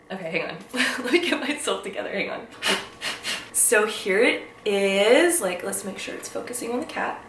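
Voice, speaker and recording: A young woman casually unboxing on her vlog, gushing and excitable, close to tears at times. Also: medium pitch, slight background noise. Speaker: vlogger. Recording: echoey room from a distance.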